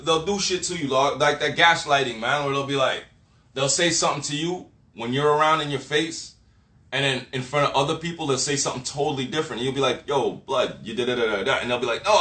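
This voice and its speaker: A man's voice: medium pitch, reverberant. A man talking straight to his viewers in a loose, slangy monologue, swearing freely and acting out other people with mocking laughs and nonsense sounds. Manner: animated, profane, slangy, mimics others with laughs and sound effects. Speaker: spiritual talk host.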